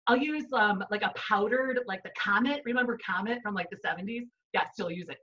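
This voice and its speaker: Speaking fairly quickly in a medium-pitched voice that sounds pushed and bright, a woman runs a cooking demo in her own kitchen. She has a Chicago accent and teaches in a chatty, explanatory way, peppering her talk with "um" and "right?" Captured from a distance, the audio is dull.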